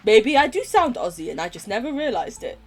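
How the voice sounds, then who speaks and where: With soft music behind her, a posh southern English woman livestreams a game and chats casually, her fairly high voice swinging widely in pitch at a slightly quick pace. She giggles and swears often.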